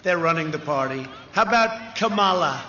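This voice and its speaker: A man's voice: fairly high pitch, animated, moderate pace. A man giving a campaign rally speech outdoors before a large crowd, talking in rambling, repetitive, boastful riffs. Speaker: political speaker at a rally. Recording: echoey, dull PA sound with crowd noise. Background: cheering crowd.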